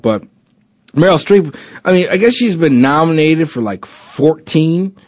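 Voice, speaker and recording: In a dull, dry lo-fi recording, a podcast host with a mid-range, darkish voice chats loosely. He jokes along the way, rambling through many fillers and false starts.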